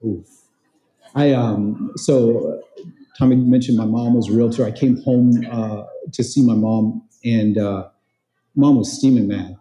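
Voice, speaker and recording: Guy doing a motivational talk in an echoey event hall, deep mellow tone, keeps asking the crowd stuff. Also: steady tone, measured pace. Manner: conversational, quizzes the crowd, tells stories. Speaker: conference speaker and real estate trainer. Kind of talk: motivational talk to a live audience. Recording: roomy echo of an event hall.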